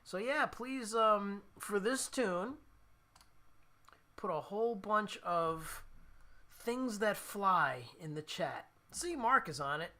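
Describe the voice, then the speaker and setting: A man's voice: sits high, lively intonation, slow, bright, forceful tone. A man with a New Jersey accent, hosting a casual guitar livestream and chatting with viewers. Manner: chatty, jokey, talking to the chat.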